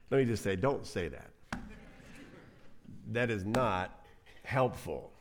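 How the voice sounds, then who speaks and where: A man preaching a sermon in an animated, conversational way. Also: lowish voice, normal speed, pauses often. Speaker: pastor.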